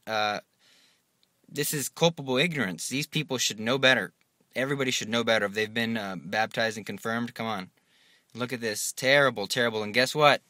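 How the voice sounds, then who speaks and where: A man's voice: medium pitch, sharp tone, no echo. A man preaching an informal sermon, urging his listeners with urgent exhortation and little acted-out dialogues. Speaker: Catholic preacher.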